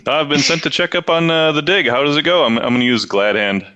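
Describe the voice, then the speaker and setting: A man's voice: a little high, quick pace, sharp tone, highs cut off. A man playing a tabletop game, easygoing and thinking aloud about the rules. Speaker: player.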